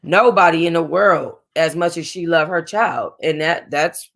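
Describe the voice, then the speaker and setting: Tearful woman reviewing reality TV, gravelly. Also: on the low side, a little slow. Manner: emotional, tearful, rambling with restarts and slang. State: close to crying. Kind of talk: casual chat.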